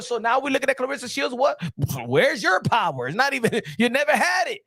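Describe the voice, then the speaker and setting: Male boxing vlog host, casual animated commentary, street slang, repetitive emphasis. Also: very high-pitched, a little fast, hardly any pauses, dry recording, studio quality.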